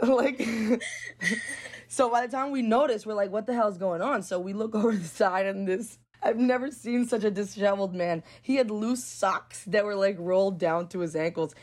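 A young woman telling a story bluntly and casually, swearing freely and filling her talk with "like". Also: medium pitch. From New York. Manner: blunt and profane, lots of "like". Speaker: guest.

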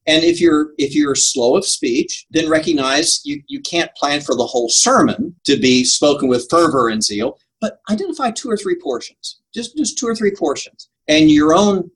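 A man's voice: a little high, expressive, moderate pace, few pauses, fairly bright tone, slightly rough, poor audio. An older man answering interview questions about preaching, earnest and emphatic, laughing at himself now and then. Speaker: preaching coach.

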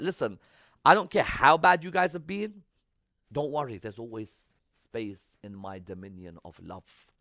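Animated preacher man, dry close sound. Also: fairly high pitch, dry recording. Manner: swings between loud emphatic appeals and hushed storytelling. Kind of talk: religious sermon.

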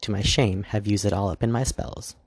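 A man with a low, slightly husky voice reads a fairy tale aloud. His delivery is measured and gently expressive, and the sound is close and dry, with no room around it. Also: no room sound. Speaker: reader. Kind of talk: storybook narration with character voices.

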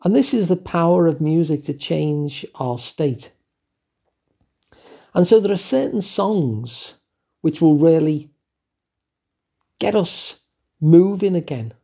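An older man with an English accent, talking gently and thoughtfully as host of his own show, musing with asides. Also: on the high side, expressive, slow, vocal fry, pauses often, breathy edge. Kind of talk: reflective solo talk.

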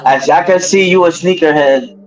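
A man's voice: on the high side, moderate pace, soft background music. Slangy rambling man on lo-fi audio. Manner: rambling, slangy, full of fillers and "you know what I mean". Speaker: podcast co-host. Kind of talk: casual wrestling chat. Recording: dull lo-fi audio.

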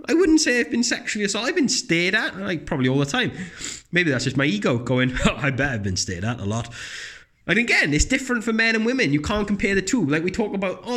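Casual comedic chat finds this man ranting with a blunt, profane and animated manner. His voice jumps high every time he mocks someone else.

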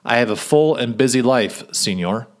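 A man reading a story aloud and voicing an easygoing adult male fisherman, in a gentle, unhurried way. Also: medium pitch, expressive, natural voice. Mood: content, puzzled.

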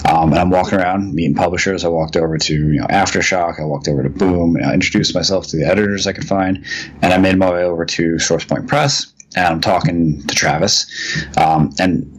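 A man's voice: deep voice, steady tone, a little fast, slightly rough. A man, a comics writer, telling a long anecdote as a podcast guest, rambling with frequent ums and restarts. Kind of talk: casual storytelling in a podcast interview.

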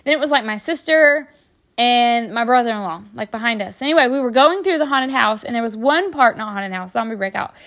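A woman's voice: a little high, a little fast, fairly bright tone. A woman, telling stories in a rambling, chatty way on a podcast, full of fillers and restarts. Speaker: podcast host. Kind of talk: casual storytelling.

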